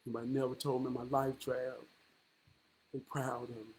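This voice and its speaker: A man voicing a hurt, ashamed grown man who confides quietly in a hurried mumble. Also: mid-range voice, flat delivery, slight background noise, voice pushed down, lightly acted, poor audio.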